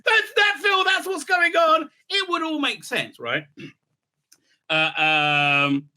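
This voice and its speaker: A rabbi talking through a casual commentary monologue, rambling and sarcastic, breaking into laughter often. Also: male voice, very high-pitched, expressive, takes it slowly, bright, forceful tone.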